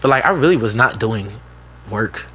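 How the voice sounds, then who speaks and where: A man's voice: medium pitch, expressive, normal speed, bright, forceful tone, a little hiss or hum. A young man co-hosting a podcast, telling a school story in casual slang and laughing often. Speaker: podcast co-host.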